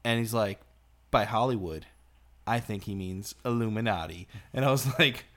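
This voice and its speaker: A man's voice: lowish voice, moderate pace. A man co-hosting a casual podcast, telling stories animatedly and swearing freely. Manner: animated storyteller, swears a lot, mimics people he talks about. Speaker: podcast co-host. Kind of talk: casual chat.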